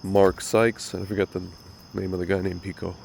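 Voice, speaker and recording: Talking directly to viewers, this religious commentary host rambles and offers opinions at a normal pace, sounding a bit nasal after a recent cold. His deep voice barely moves in pitch and carries vocal fry and a slightly mellow quality. A little hiss or hum sits underneath.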